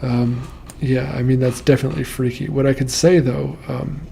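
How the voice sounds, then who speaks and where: A man hosting a show, reading nightmare posts aloud and calmly explaining what they might mean. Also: medium pitch, vocal fry, slight background noise. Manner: calm, measured, reassuring explanations. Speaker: host reading and interpreting nightmares. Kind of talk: casual commentary on listener dream posts.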